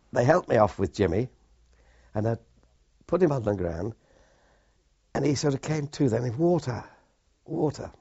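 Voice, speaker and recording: An older man, a war veteran, recalling his experiences in a plain, halting way with many restarts. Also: medium pitch, gravelly, dark tone, slightly rough. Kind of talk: oral history recollection. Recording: dull lo-fi recording.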